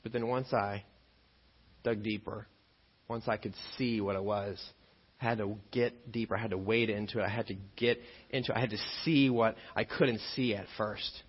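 A man preaching a sermon as pastor, an animated storyteller who acts out scenes and jokes along the way. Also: on the low side, normal speed, slightly rough, big-room sound. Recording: dull lo-fi sermon recording.

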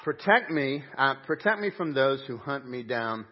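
A husky, mid-range male voice at a normal pace, expressive as he preaches a sermon in a church sanctuary. The pastor is emphatic, tosses in folksy asides, and huffs audibly between lines. The audio sounds dull and muffled.

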